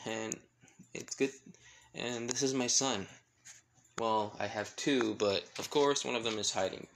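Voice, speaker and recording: A man's voice: on the low side, unhurried, fairly bright tone, a little hiss or hum, low-quality recording. A man voicing Elijah, a grown father who talks hesitantly and sheepishly, stammering over his words. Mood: proud.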